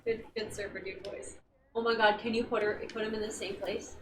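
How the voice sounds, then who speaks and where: A woman's voice: mid-range voice, flat delivery, fairly quick. Playful woman on a distant, noisy mic. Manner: teasing, playful. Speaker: gaming streamer. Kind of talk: casual gameplay chat. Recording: distant mic with background noise.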